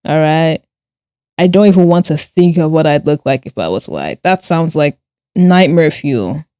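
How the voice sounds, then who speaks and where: A woman streamer who talks casually while drawing and reads her chat aloud. She is animated, laughs often and swears bluntly. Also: deep voice, measured pace, no room sound, clean studio sound. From Nigeria and Ireland. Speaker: streamer and artist.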